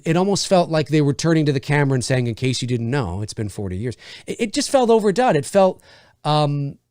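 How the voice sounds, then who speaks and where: A man's voice: on the high side, dry recording, clean studio sound. A man, a screenwriter, giving a casual spoken review of a film and thinking aloud as he restarts his sentences.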